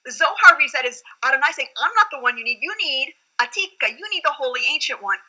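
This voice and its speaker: Bright, high-voiced woman rabbi teaching. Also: lively intonation, fast, rough recording. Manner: earnest, reflective teaching tone. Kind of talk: Torah study conversation.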